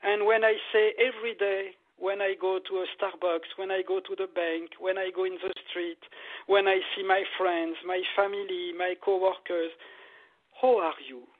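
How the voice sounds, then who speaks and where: Earnest high-voiced man on a tinny phone line. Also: level tone, moderate pace. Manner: earnest, repetitive, enthusiastic, non-native phrasing. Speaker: meditation teacher, guest. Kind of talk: interview conversation.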